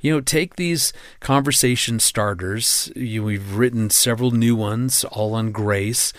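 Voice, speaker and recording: A man co-hosting a marriage podcast with his wife, speaking in an encouraging way and joking gently. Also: fairly low pitch, a little slow, dry recording, clean studio sound. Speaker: podcast co-host. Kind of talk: casual married-couple podcast chat.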